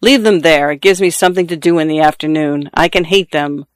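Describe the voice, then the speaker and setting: A man's voice: on the high side, steady tone, fairly quick, clear, resonant tone, no echo, studio quality, lightly acted. A man reading a story aloud and voicing a bitter, idle husband who answers bluntly and sullenly. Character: bitter, idle husband, former athlete, drinking.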